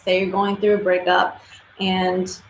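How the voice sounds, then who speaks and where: A woman's voice: lowish voice, completely flat delivery, unhurried. Woman live-stream host, blunt and outspoken with casual swearing, recorded in a roomy echo with a faint hum behind. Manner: blunt, opinionated, swears freely. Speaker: livestream host. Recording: echoey room with faint ambience.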